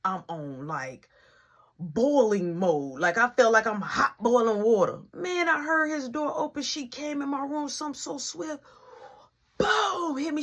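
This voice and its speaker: A young man telling a family story in casual speech, animated and dramatic. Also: very high-pitched, measured pace. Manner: animated, dramatic, switches voices.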